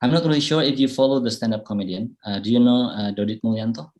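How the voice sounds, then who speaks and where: A man from Bali with an Indonesian accent, answering audience questions in a relaxed, modest way during an online talk. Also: medium pitch, fast. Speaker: guest speaker. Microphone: video call.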